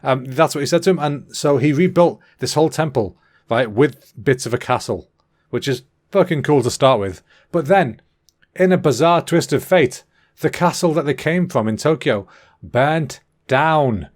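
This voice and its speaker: A man's voice: on the high side, animated, moderate pace. A man with an English accent hosting a solo comedy podcast, rambling cheekily and swearing freely, often stopping to correct himself. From England. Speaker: podcast host.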